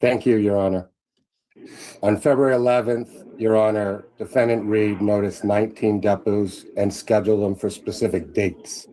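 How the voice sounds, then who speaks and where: A man attorney reading a prepared statement to a judge at a hearing, formal and measured. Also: lowish voice, little pitch movement, mellow, poor audio.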